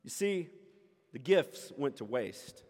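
A man's voice: mid-range voice, very animated, takes it slowly, darkish tone. A man preaching a sermon as pastor, emphatic and repeating his key lines for the congregation. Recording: echoey hall with long reverb.

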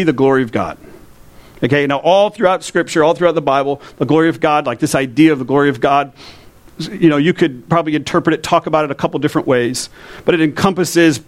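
Conversational pastor preaching, slightly high voice. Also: male voice. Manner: conversational, asks the congregation questions. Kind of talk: sermon. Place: church.

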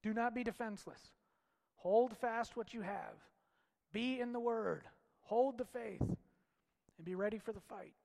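A man preaches with a high voice and fiery conviction, rising to shouts and dropping to near-hushed lines. His words ring out with a long hall reverb around them. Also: unhurried, vocal fry. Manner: impassioned, swings from loud shouts to hushed low lines. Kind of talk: sermon.

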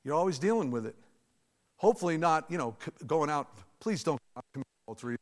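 A man preaching a sermon to his church, in a lively, conversational way with asides to the congregation. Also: on the high side, fast talker. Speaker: pastor. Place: church sanctuary. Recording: long reverb of a large hall.

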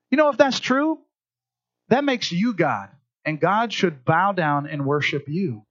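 A man's voice: high voice, animated, unhurried, a bit bright, muffled recording. A man preaching a sermon as pastor, talking conversationally to the congregation, often checking in with "right?" and stumbling over restarts.

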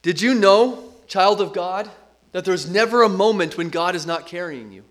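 A man's voice: sits high, expressive, moderate pace, a bit bright. A middle-aged man preaching a sermon as pastor, earnest and emphatic, leaning on repetition.

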